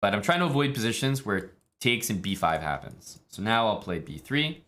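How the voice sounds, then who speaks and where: A man from Canada, streaming chess in a relaxed, chatty way with many fillers. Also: lowish voice, normal speed. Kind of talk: casual live-stream commentary.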